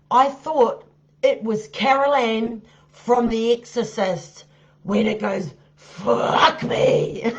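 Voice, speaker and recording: Heard through dull audio, a medium-pitched woman recounts a crude story during a live stream. She swears constantly, speaks bluntly, and frequently laughs at her own expense.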